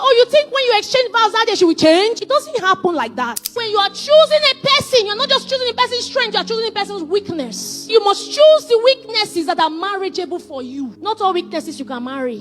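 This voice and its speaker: A woman, giving marriage advice as a counselor. She speaks in an animated, emphatic way and acts out conversations as she tells stories. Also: very high voice. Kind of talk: motivational relationship talk.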